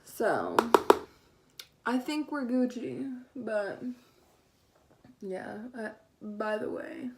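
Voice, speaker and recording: Young woman, fairly high voice, sarcastic, sassy, casual makeup chat at home. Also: big pitch swings, very slow, pauses often. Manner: sassy, sarcastic, swears a lot. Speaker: beauty vlogger. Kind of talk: casual get-ready-with-me chat.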